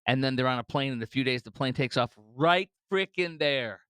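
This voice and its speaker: A middle-aged man runs his own commentary show in an effusive, emotional flow, stumbling over restarts as he goes. His voice is smooth and resonant at a middle pitch, and the sound is dry and close. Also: fairly even intonation, brisk, a bit bright, dry recording. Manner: effusive, emotional, breaks into laughter; restarts and repeats words. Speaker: podcast host. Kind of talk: political commentary monologue.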